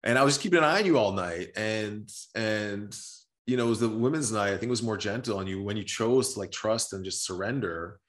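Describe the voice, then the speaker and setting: Low-voiced man, reflective and casual. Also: a little fast, a bit bright. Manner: reflective, filler-heavy. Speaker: retreat guide. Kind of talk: casual conversation.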